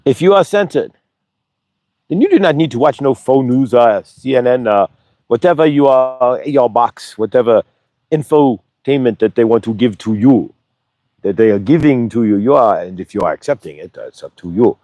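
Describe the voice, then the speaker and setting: A man's voice: medium pitch, expressive, normal speed, mellow, no echo. A man hosting a spiritual channeling show, coaxing listeners with a stream of rhetorical questions and rambling restarts. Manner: rambling, restarts mid-sentence. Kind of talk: motivational spiritual talk.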